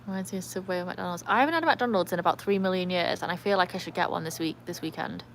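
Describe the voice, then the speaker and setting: On the low side and talking very fast, an English woman chats in a rambling, casual way on her livestream, where she's joined by a trick dog. She reads viewer comments aloud, and a little hiss or hum can be heard.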